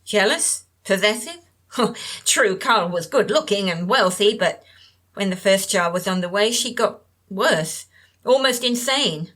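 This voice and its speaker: A woman voicing a frail, evasive older woman in an audiobook, with a nasal voice and a halting, drifting way of talking, as if to herself. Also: mid-range voice, lively intonation, a bit bright. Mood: bitter. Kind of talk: audiobook character reading.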